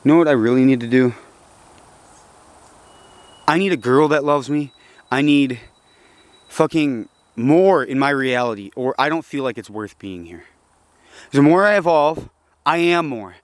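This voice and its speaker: A man's voice: expressive, unhurried, long pauses, no echo. Agitated, profane young man ranting. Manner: agitated, profane, swings between preachy and low frustrated mutters. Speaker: vlogger. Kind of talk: casual rambling monologue.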